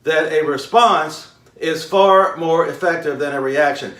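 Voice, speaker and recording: A man's voice: fairly high pitch, a bit bright. Male self-help host, emphatic lecturer, roomy distant sound. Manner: emphatic, rhetorical questions, drawn-out pauses. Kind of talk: motivational lecture to camera. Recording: roomy echo, mic far off.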